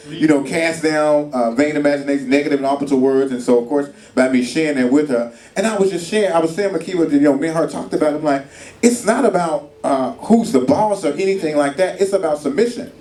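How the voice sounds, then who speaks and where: A man's voice: a little high, quick pace, darkish tone. A man preaching at a marriage retreat, telling stories in a casual, colloquial way with acted voices. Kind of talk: sermon. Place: hall at a church retreat. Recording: echoey room, mic far off.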